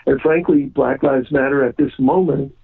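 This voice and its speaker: Gravelly, husky man, guest on a radio interview, earnest, phone-line sound. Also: medium pitch, fairly even intonation, moderate pace. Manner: earnest, with many ums and restarts.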